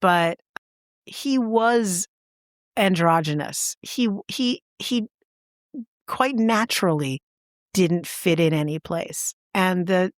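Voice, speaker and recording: A woman with a lowish voice tells a story in casual chat, eager and animated. She jumps up in pitch to stress her words. The recording is dry and close. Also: slow, long pauses, no echo. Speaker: podcast co-host.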